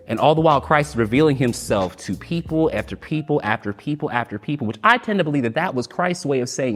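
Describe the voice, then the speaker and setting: A man's voice: medium pitch, animated. Dramatic male spoken-word storyteller. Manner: dramatic, swings from quiet to loud, slows for emphasis. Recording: long hall reverb, faint music.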